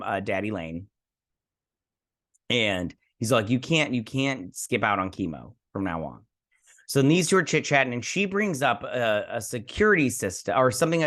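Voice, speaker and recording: A man's voice: on the low side, a bit bright. A man recapping and reviewing a TV episode, rambling and joking as he paraphrases each scene in his own words. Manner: rambling, jokey, loosely paraphrases dialogue with restarts. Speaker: host.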